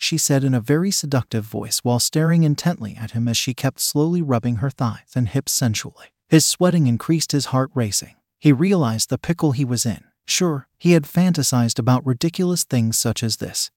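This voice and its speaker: A man narrating a story in an even, unhurried reading voice. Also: medium pitch, no room sound, clean studio sound.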